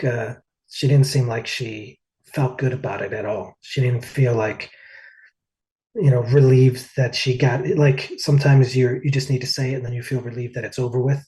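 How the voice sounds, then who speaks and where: Chatty man telling stories, middle pitch. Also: darkish tone, rough recording. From United States. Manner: rambling, lots of "like" and "uh". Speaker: interview guest, singer. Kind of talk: casual storytelling.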